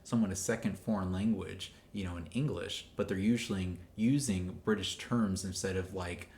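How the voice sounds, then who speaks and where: A man's voice: deep voice, fairly even intonation, normal speed, a little mellow, a little hiss or hum. A man in casual podcast chat, rambling and filling his talk with "like" and "you know". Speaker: podcast guest co-host.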